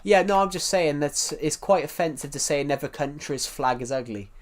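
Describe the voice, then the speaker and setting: A young man with a southern English accent and a slightly higher voice rambles casually through a game live stream. He reads viewer comments aloud, restarts his sentences and repeats phrases as he goes. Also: a little fast. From southern England.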